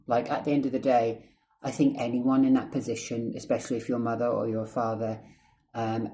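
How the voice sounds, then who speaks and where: A man's voice: medium pitch, a little mellow. A Scottish man telling a rambling personal story in a casual vlog, chatty and swearing often. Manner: rambling, chatty, heavy swearing, drifts off topic. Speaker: vlogger.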